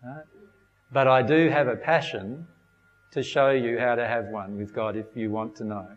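A man's voice: medium pitch, fairly even intonation, normal speed. Man giving a spiritual talk in an echoing hall. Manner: conversational, asks "Right?" to check in with listeners. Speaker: spiritual teacher. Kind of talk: informal religious talk to a group. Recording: dull sound with long hall echo.

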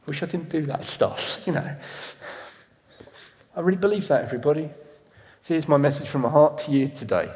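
A man in his fifties preaching a sermon, swinging from loud emphatic lines to soft, intimate ones. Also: fairly high pitch, moderate pace, pauses often. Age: 50s. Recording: echoey hall reverb.

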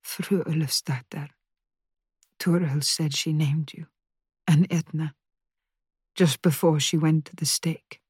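A woman's voice: steady tone, takes it slowly, long pauses, darkish tone, slightly rough, no echo, studio quality, exaggerated voice. A woman voicing a weeping drunk mother. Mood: low, grieving. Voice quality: low and thick. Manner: sobbing, breaking off mid-sentence. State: crying. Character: grieving drunk older mother, low thick voice. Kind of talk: audiobook character voice.

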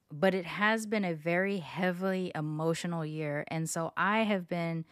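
A woman hosting her podcast in a low, smooth voice that sounds dry and close to the mic. She talks casually and openly, chatty and frank, with plenty of ums and uhs. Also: no echo. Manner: candid and chatty, with frequent fillers. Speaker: podcast host. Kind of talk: casual solo podcast talk.

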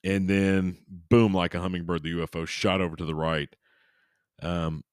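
A man with a low voice hosts a paranormal podcast, retelling a strange story in a goofy, irreverent way. He rambles into jokes and asides. The sound is dry and close to the mic. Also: flat delivery, normal speed, clear, resonant tone, no echo. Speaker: podcast host.

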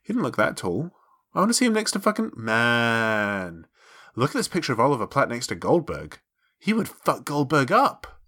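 A man co-hosting a casual podcast, joking and swearing as he talks. His pitch swings widely, rising and dropping through each sentence. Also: big pitch swings, brisk, pushed and bright. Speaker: podcast co-host.

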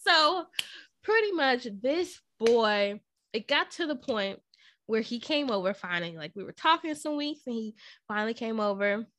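High, bright-voiced young woman telling a story. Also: normal speed, no room sound. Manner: animated, laughing, quotes people in put-on voices. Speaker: podcast co-host. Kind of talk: casual storytelling chat.

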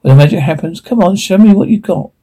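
A man speaking TV drama dialogue in a weary, gruff way, with a gravelly, husky voice. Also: high-pitched, animated, fast talker, dark tone, heavily acted.

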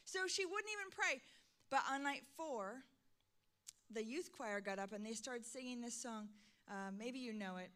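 A middle-aged woman pastor preaching a sermon, swinging from soft, intimate lines to loud, emphatic calls. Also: a little high, lively intonation, normal speed.

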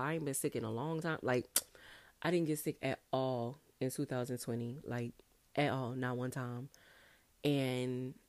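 A young woman hosting a casual solo podcast, chatty and animated, talking straight to her listeners. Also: sits low, dry recording. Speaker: podcast host.

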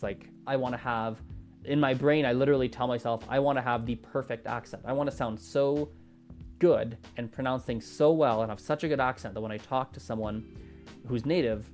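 Solo podcast host, male, mid-pitched, rambling and self-correcting, faint music under the voice. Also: darkish tone. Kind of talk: improvised solo podcast talk.

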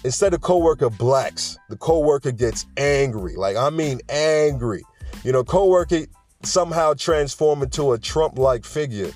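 A man's voice: fairly high pitch, animated, moderate pace, a little mellow, soft background music. A man hosting a podcast in a casual, rambling monologue, drifting off topic and chuckling often. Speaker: podcast host.

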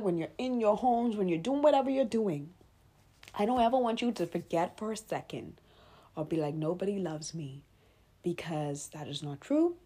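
A woman hosting a faith podcast, talking straight to her listeners, earnest and emotional, close to tears, sometimes rising loud and sometimes dropping to a whisper. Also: fairly low pitch. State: tearful. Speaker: podcast host.

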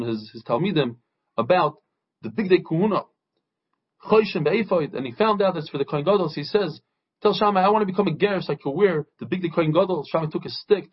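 A husky man with a fairly high voice teaches a daily Talmud lesson. He retells its stories with energy and briefly acts out each quoted speaker. The recording sounds dull and lo-fi. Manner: lively storytelling, acting out quoted speakers.

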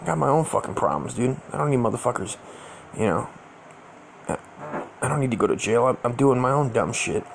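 A young man tells a wild story in loose, profane slang, circling back with fillers as he goes. His voice has a gravelly edge, and a faint noise sits under the recording. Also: medium pitch, expressive, brisk, pauses often. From Southern California. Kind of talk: casual storytelling.

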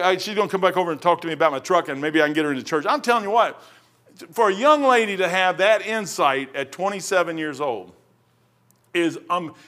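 A man's voice: a little high, a bit bright. A middle-aged man preaching a casual sermon, folksy and rambling, drifting off into stories before coming back to scripture. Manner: folksy, rambling, wanders off topic into anecdotes.

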